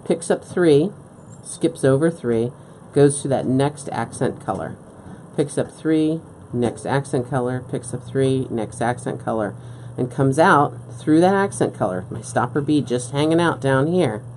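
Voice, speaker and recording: A woman with a strikingly low, mellow voice leads a live beading demonstration. She explains each step patiently and often pauses to ask whether it makes sense. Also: expressive, slight background noise. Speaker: beading instructor. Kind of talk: live-stream craft demonstration. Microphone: live-stream setup at a work table.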